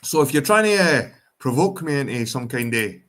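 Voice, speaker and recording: Scottish male streamer, foul-mouthed, loose and rambling, mid-pitched voice. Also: big pitch swings, moderate pace, fairly bright tone. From Ireland, raised in Scotland. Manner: profane, rambling, reads chat aloud. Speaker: livestream host. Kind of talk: casual livestream chat.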